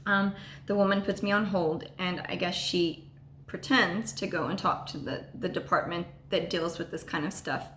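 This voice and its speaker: Woman vlogging a story, lowish bright voice, lots of ums, echoey room. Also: steady tone, a little hiss or hum. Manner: halting, full of ums and restarts. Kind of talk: storytime vlog.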